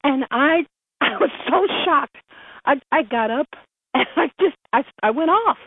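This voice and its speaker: A woman's voice: sits high, expressive, unhurried, no room sound. A woman in her thirties calling in to a radio show, telling a personal story with animation and frequent laughter. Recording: tinny phone line.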